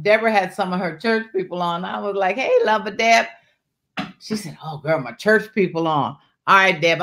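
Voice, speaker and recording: A live-stream jewelry seller with a mid-range voice keeps up casual sales chatter. She's talkative and greets viewers by name, with a folksy Southern-style warmth that comes out in words like "y'all."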